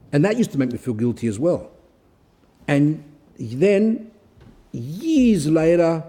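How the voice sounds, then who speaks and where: A man's voice: fairly high pitch, dark tone. A middle-aged man, an Orthodox priest, giving an earnest talk, telling stories and acting out quoted exchanges. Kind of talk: sermon-style talk.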